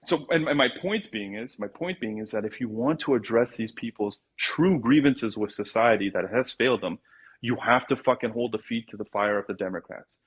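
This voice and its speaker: A man's voice: medium pitch, normal speed, breathy edge, low-quality recording. A man calling into a debate show, ranting at length and swearing about politics. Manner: long-winded ranting, swears. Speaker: caller. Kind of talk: call-in debate.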